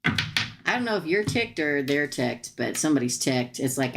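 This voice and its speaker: A woman's voice: sits low, sing-song, normal speed, vocal fry, background noise. A woman reading tarot cards on a live stream, chatting straight to her viewers in a casual, blunt way with slangy asides. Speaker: tarot reader.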